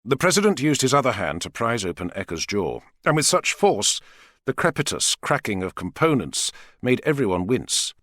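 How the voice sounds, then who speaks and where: A man narrating an audiobook in an expressive, dramatic style. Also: mid-range voice, moderate pace, no echo, clean studio sound. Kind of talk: scripted narration.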